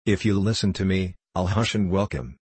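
A man's voice: low-pitched, normal speed, darkish tone, breathy edge, no room sound. A man voicing a blunt, devoted old country nurse who speaks in folksy dialect. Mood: urging. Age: over 60. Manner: folksy dialect, urgent and coaxing.

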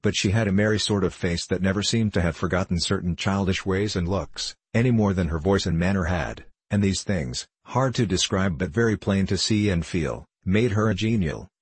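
Brief: deep-voiced male narrator, husky, steady storybook reading. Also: dry recording. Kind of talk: audiobook narration.

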